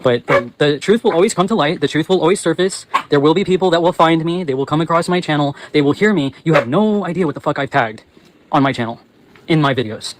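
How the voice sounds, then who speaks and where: Man, slightly higher voice, angry profane rant, yelling at times, walking while talking, channel host. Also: quick pace, background noise. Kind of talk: ranting livestream monologue.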